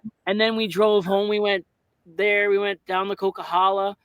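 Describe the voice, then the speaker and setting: A man hosting a podcast, chatting in a laid-back way with casual swearing and quick agreeing replies. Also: high voice, level tone, fairly bright tone, smooth, no echo. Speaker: podcast host. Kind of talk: casual chat.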